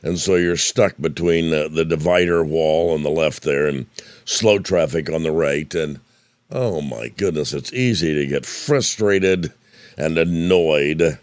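Older guy from indiana, real deep voice, folksy preaching, kinda hoarse, dry close sound. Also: a little slow, no echo. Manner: folksy, storytelling. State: losing his voice. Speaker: radio preacher. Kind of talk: devotional talk.

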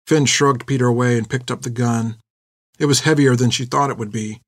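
A man giving measured, expressive scripted narration of a storybook. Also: medium pitch, no room sound, studio quality. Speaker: audiobook narrator.

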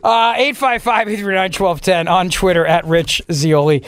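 A man's voice: sits high, fairly even intonation, normal speed, clear, resonant tone, no echo. A man hosting a radio talk show, bantering in a jokey, mock-dramatic way. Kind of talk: casual radio chat.

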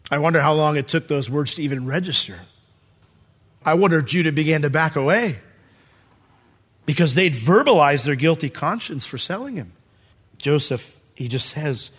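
A male pastor preaching a sermon in a church, animated and acting out the scene in different voices. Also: fairly high pitch, normal speed.

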